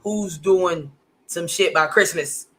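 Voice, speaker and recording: A woman in her thirties, a comedian guest telling stories in a brash, profane, animated way. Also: on the low side, slow. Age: 30s. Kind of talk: casual storytelling.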